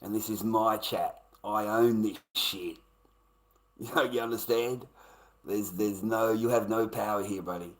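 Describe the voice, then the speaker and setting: A man's voice: lowish voice, steady tone, a little slow, low-quality recording. A man ranting bluntly and profanely at his live-stream chat. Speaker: livestreamer.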